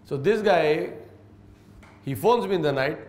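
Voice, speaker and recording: A man's voice: on the high side, animated, measured pace, a little mellow. A man with a slightly raised voice lectures on religion in a storytelling way, adding Arabic phrases as he goes. The sound rings around a roomy space. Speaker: Islamic teacher. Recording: roomy echo.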